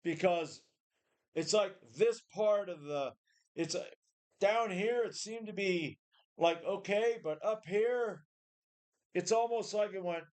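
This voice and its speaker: High-pitched, slow and a little mellow, the voice belongs to a home gym vlogger who seems exhausted. He rambles through a profane, casual rant to camera, repeating phrases and restarting often.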